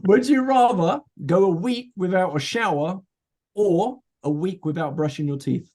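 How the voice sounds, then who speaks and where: A man hosting a podcast, firing off quick joking questions at his guest in a teasing manner. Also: sits high, darkish tone. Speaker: podcast host. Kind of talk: casual comedic interview.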